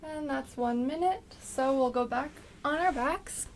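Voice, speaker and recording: Gentle woman guiding a slow workout. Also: high voice, recorded from a distance, slight background noise. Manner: gentle, unhurried cueing with frequent ums. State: slightly congested from a cold. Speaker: movement instructor. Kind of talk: guided exercise class.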